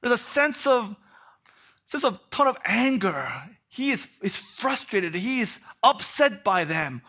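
Man preaching, high bright voice, animated, dull lo-fi recording. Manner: animated, rhetorical "right?" asides. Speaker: pastor. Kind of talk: sermon.

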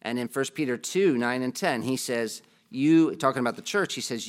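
A pastor preaches a sermon conversationally, asking his congregation questions and tossing in joking asides. His voice is mid-range, and he speaks at a normal speed with few pauses.

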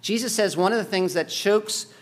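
Male pastor, higher-pitched voice, sermon delivery that alternates between forceful urging and hushed storytelling. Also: moderate pace. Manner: emphatic, swings between loud exhortation and quiet storytelling.

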